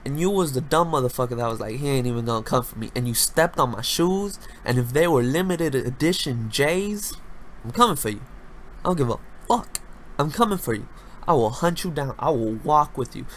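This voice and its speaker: A young man hosts a casual solo podcast, talking loudly and animatedly with plenty of slang and free swearing. His voice leaps between high-pitched bursts and low mutters at a normal speed, with slight background noise behind him.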